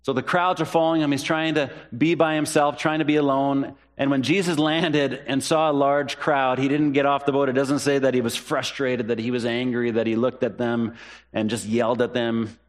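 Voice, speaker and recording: A man's voice: level tone, normal speed. Earnest man preaching a sermon. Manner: earnest, repeats key phrases for emphasis; rises in pitch when voicing the disciples' questions. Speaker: pastor.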